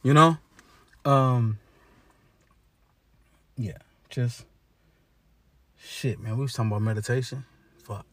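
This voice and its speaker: A man with a mid-range voice takes his time, pausing often, as he rants bluntly in a casual monologue. His talk is laced with curses and slang, with plenty of false starts.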